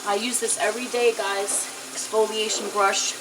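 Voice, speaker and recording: A woman's voice: mid-range voice, little pitch movement, normal speed. A woman with a New York accent chatting casually to her viewers, rambling and earnest. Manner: rambling, earnest, talks about faith and prayer. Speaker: vlogger. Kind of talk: casual chat to camera. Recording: noisy home recording, running water.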